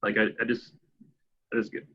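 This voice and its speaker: A man's voice: fairly quick, highs cut off. A man chatting casually on a podcast, laid-back and hesitant, often restarting his sentences. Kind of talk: casual chat.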